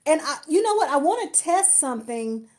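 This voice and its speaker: A woman talks to her followers on a phone live stream, gushing with gratitude and often restarting her sentences. Her voice sits a little high for a woman. She speaks as a marketer and empowerment coach, in a casual, chatty way. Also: big pitch swings, a little fast, darkish tone. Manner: effusive, grateful, lots of restarts and laughter.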